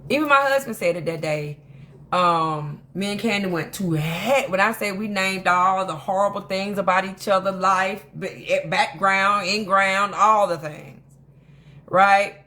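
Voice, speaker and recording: A woman hosting a casual commentary monologue, telling stories in an animated, emphatic way that rambles with frequent restarts. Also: mid-range voice, unhurried. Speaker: host of a drama commentary channel.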